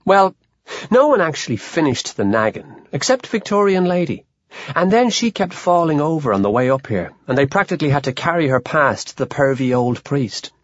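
A man's voice: on the high side, big pitch swings, normal speed, no room sound, muffled recording. Wry male audiobook narrator.

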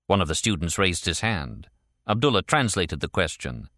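A man narrating a thriller audiobook in a measured, even storytelling manner. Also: deep voice, no echo, studio quality. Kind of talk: scripted narration.

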